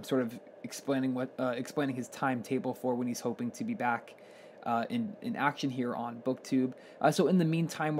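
A man hosting a book channel, chatting hesitantly before reading a classic novel aloud in a steady narration. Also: medium pitch, slight background noise. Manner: hesitant with many fillers in the intro, steady when reading. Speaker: audiobook reader on a book channel. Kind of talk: casual intro then read-aloud narration.

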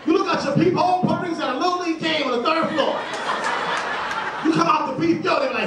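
A man doing a stand-up routine, loudly calling out to the crowd. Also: very high voice, brisk, very noisy. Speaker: stand-up comedian. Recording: echoey club from far off, loud crowd.

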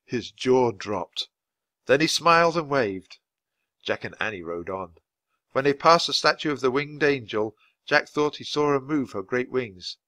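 A man reading a children's storybook aloud at a natural, steady pace for learners. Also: mid-range voice, measured pace, no room sound. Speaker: reader.

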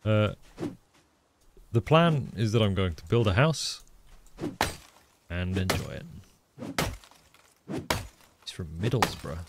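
A man with an English Midlands accent chats on a live game stream in a lowish, very animated voice, speaking slowly with long pauses. He rambles, answers chat, and swears offhandedly, over noisy stream audio with mouse clicks.

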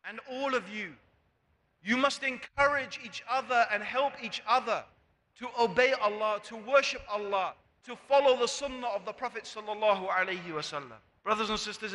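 A man's voice: very high-pitched, bright, forceful tone. A man preaching a sermon, pressing the audience with rhetorical questions. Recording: long hall reverb.

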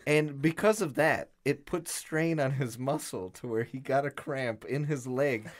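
A man's voice: mid-range voice, a little slow. A young man co-hosting a casual podcast, telling a story and acting out the quotes. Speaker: podcast co-host.

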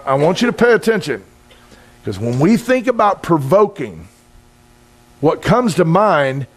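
A middle-aged man preaching a sermon in a conversational, intense way, with sudden loud bursts. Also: sits high, vocal fry. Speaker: pastor.

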